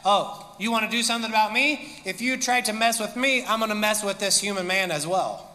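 Mocking smack-talk demon guy, a preacher doing the voice, high and sharp, big hall echo. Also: huge pitch swings, slow, creaky, full character voice. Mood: taunting. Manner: smack-talking, threatening. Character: taunting male demon, brash and mocking.

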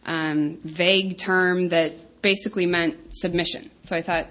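Earnest chatty woman speaker, lowish voice. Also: fairly even intonation, unhurried, fairly bright tone. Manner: earnest, chatty, many ums and asides. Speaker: women's ministry speaker. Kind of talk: talk to a women's group.

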